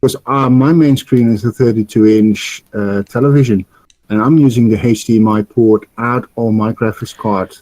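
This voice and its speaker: A man in casual chat, calmly explaining streaming software and offering help. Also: medium pitch, moderate pace, low-quality recording. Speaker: helper on a voice call.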